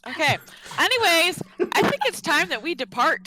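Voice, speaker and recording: A woman's voice: very high-pitched, very animated, normal speed, background noise. A woman playing a tabletop game, chatty and questioning, over voice chat. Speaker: player. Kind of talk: casual tabletop role-play.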